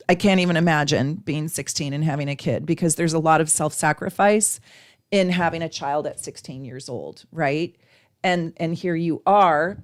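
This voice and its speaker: A woman's voice: low voice, dry recording, studio quality. A woman astrologer chatting effusively on a live stream, laughing often as she gives chart readings. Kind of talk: live-stream casual chat.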